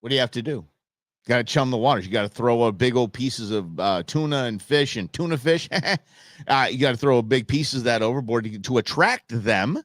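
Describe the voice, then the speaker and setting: A man's voice: medium pitch, a little fast, no room sound, studio quality. A man hosting a live show, ranting casually and sarcastically, often stammering and repeating words as he goes. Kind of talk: casual livestream rant.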